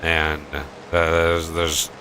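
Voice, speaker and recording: A man's voice: rumbling low, monotone, very slow, pushed and bright, a little hiss or hum. A man hosting a gaming channel, chatting casually while he plays and telling a rambling story full of restarts. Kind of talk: casual chat while playing a game.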